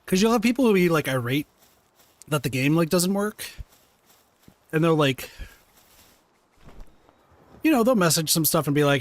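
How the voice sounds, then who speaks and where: A man's voice: fairly high pitch, normal speed, pauses often. Casual chatty man streaming a game. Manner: animated, swears casually, laughs mid-sentence, many "like" fillers. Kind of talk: casual live-stream chat with viewers.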